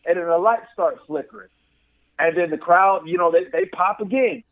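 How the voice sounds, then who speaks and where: High-voiced man telling a story animatedly. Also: moderate pace, no room sound, phone-quality sound. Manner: animated storytelling, acts out voices and crowd chants; frequent "and then all of a sudden" and "like" fillers. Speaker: podcast co-host. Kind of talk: casual chat.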